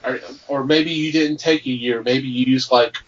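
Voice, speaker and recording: Husky podcast man, off-mic. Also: mid-range voice, moderate pace, distant mic. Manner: rambling storyteller, animated at punchlines. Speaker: podcast co-host. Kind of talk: casual chat. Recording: muffled, from off the mic.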